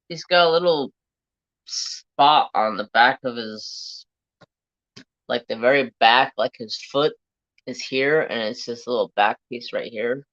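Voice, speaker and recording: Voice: mid-range voice, unhurried, a bit bright, dry recording. A crafting live-streamer chatting casually and rambling to viewers and a pet at home. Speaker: crafting livestream host. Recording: dull lo-fi home stream audio.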